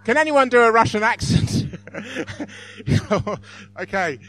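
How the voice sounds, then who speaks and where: A man's voice: a little high, animated, normal speed, bright, forceful tone. A man giving an informal church talk, self-deprecating and apologetic with frequent chuckles. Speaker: church speaker.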